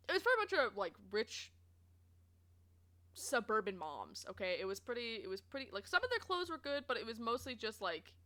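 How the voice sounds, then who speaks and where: Young woman, bright tone, lively pitch, casual storytelling, swears and laughs, streamer. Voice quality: expressive, swears, laughs often.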